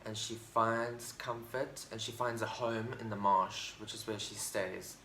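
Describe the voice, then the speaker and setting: This book vlogger has a lowish voice with vocal fry, a sharp tone, fairly even intonation, and a measured pace. Sitting in a home room with a bookshelf, he gives a casual, enthusiastic, rambling review of his favorite books, full of fillers and restarts, over roomy echo and faint background noise.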